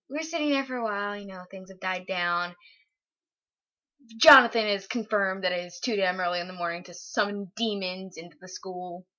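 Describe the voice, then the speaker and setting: A young woman telling a story from her morning in a casual, animated way, often breaking into laughter. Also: medium pitch, highs cut off. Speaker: vlogger.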